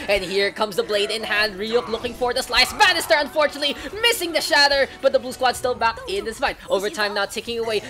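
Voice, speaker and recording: A woman giving live play-by-play commentary on an esports match, shifting between excited calls and relaxed banter with her viewers. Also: lowish voice. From Philippines. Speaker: esports caster.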